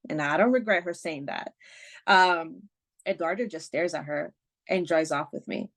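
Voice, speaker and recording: Lowish-voiced woman telling a story. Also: moderate pace, gravelly, fairly bright tone. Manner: emotional retelling, swears freely, many fillers. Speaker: podcast guest. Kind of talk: casual storytelling chat.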